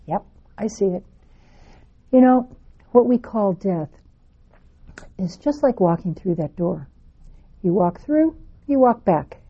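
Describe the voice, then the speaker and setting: A woman telling a spiritual personal story in an animated, expressive way, with sweeping phrases. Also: mid-range voice, slow, long pauses, husky, highs cut off.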